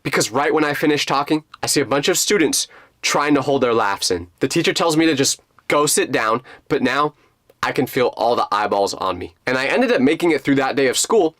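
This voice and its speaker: A young man in his twenties narrating a comedic personal story in a lively, jokey, dramatic way. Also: mid-range voice, brisk, dry recording. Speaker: storytime channel host.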